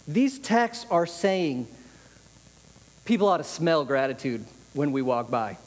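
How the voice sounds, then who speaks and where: A man's voice: on the high side, takes it slowly, in a large hall, poor audio. A man preaching a conversational sermon, often repeating phrases for emphasis. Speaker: pastor.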